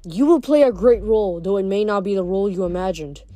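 A woman voicing an ancient, fading male nature god, speaking softly and sorrowfully. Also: medium pitch, no echo, lightly acted. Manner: soft, slow, sorrowful delivery.

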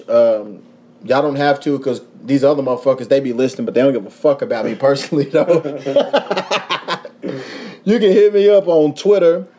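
A young man from Kentucky hosts a casual podcast at an ordinary, mid-range pitch. He tells stories in a loose, profane, animated way, laughing as he goes. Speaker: podcast host.

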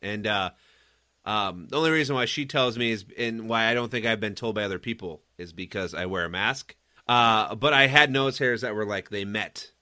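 A man's voice: on the low side, normal speed, bright, forceful tone, dry recording, studio quality. A young married man co-hosting a podcast, chatting casually, laughing often and stumbling over his words. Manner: laughs often, stammers and restarts. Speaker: podcast co-host. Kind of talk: casual chat.

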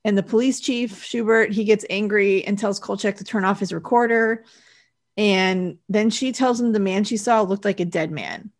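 Woman calmly summarizing a film plot. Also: mid-range voice, normal speed. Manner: steady plot summary, reads out dates and times. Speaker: podcast co-host. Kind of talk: casual chat recapping a film.

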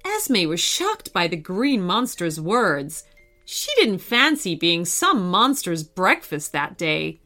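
A woman narrating a children's story in a lively, expressive reading voice. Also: on the low side, slow pace.

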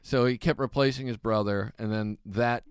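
A man's voice: normal speed, smooth, dry recording, studio quality. Comic guy on a podcast telling a story, doing big voices for the people in it, clean resonant voice. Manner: animated storyteller, acts out quoted people with big pitch jumps. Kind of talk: casual storytelling chat.

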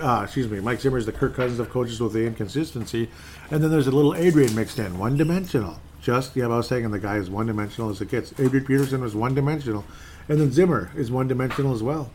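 A man's voice: mid-range voice, a little mellow, a little hiss or hum. A man ranting in a casual, rambling way about his team's game, reading posts aloud and sounding fed up. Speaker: sports fan commentator. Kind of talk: casual solo sports rant.

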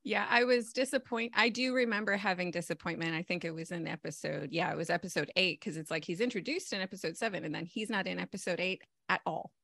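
Female podcast co-host, mid pitch, gravelly, dry recording, casual chat. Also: fast talker, few pauses, fairly bright tone, no room sound. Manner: chatty, peppers speech with "like". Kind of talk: casual TV discussion.

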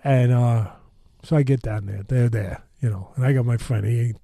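A man's voice: medium pitch, fairly even intonation, normal speed, creaky, mellow, no room sound, studio quality. A man telling a story in a loose, rambling way, full of fillers and restarts, with blunt street-tough talk. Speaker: storytelling guest. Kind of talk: casual spoken storytelling.

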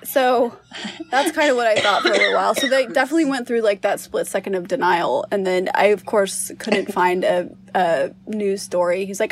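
A woman chatting casually, telling stories in a slow drawl and laughing along. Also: mid-range voice, slight background noise. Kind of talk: casual chat.

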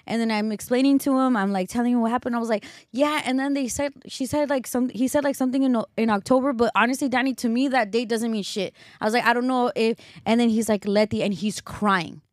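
A woman's voice: on the high side, fast, hardly any pauses, no room sound, studio quality. A young woman with a Los Angeles accent, co-hosting a podcast and telling a story in casual chat, quoting people as she goes. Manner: animated storyteller, quotes others, many fillers. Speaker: podcast co-host.

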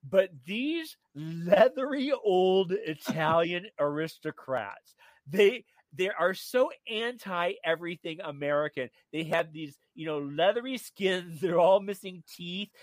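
Guy on a radio show spilling a story, a bit high voice, super dry studio sound, lots of um and uh. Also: unhurried, dry recording. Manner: animated storyteller, gossipy, many fillers and restarts. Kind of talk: casual radio chat.

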